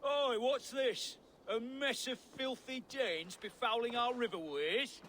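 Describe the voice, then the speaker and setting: A man's voice: extremely high pitch, slow, a bit bright, full character voice. A man with an English accent voicing a hostile, ragged camp leader in a video game, sneering and threatening. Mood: menacing. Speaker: game character. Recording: game audio with clear noise.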